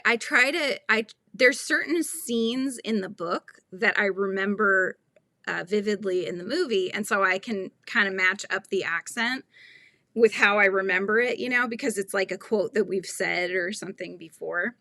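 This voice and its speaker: Chatty, gravelly-voiced woman crochet host. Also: mid-range voice, normal speed, sharp tone, dry recording, clean studio sound. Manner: chatty, rambling, laughs often, reads viewer comments. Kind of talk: casual livestream chat while crocheting.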